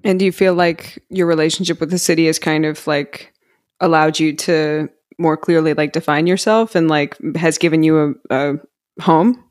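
A woman's voice: low voice, fairly even intonation, normal speed, a little mellow, no echo, studio quality. A woman hosting an interview, responding with sympathy and casual swearing as she asks questions. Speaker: podcast host.

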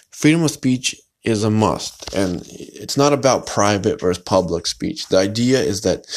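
A man hosting a solo podcast, talking in a rambling, hesitant way with many fillers and restarts. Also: on the low side. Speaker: podcast host.

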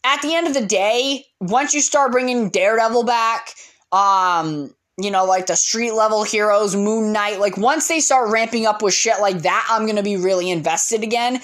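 A woman's voice: medium pitch, normal speed, a bit bright. A woman giving a casual, candid movie opinion monologue, with frequent fillers and the odd swear word. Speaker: movie commentator.

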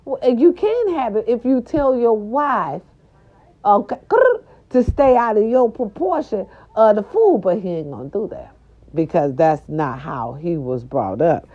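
Woman vlogger, casual storytelling, sassy and expressive, mellow tone, muffled lo-fi sound. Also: mid-range voice, a little slow. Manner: sassy, animated, talks straight to viewers. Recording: dull lo-fi recording.

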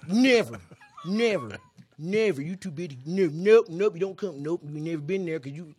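A man in casual banter, telling stories with slang and a steady refrain of "you know what I'm saying.". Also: on the high side, a little fast, husky. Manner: animated, storytelling with swings into quoted voices.

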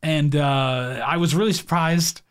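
In a relaxed movie-review chat, this male co-host speaks with a clear, resonant voice on the high side, at a measured pace. He rambles, leans heavily on "like" and laughs frequently.

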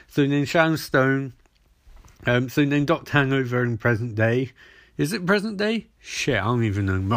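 A man's voice: medium pitch, no echo, studio quality. A man recapping a TV episode on his podcast in a casual, rambling way, swearing often and losing his place. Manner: rambling, profane, loses track. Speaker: podcast host.

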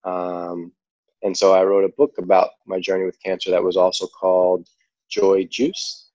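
A man with a New York accent and a very low, deep voice tells stories as a guest in a loose, easygoing way, leaning on "like" and "you know". The sound is dry and close, with no room around it. The recording is a little dull and muffled. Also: monotone, normal speed, a little mellow, no room sound. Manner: rambling, full of "like" and "you know". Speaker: podcast guest. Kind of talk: casual storytelling.

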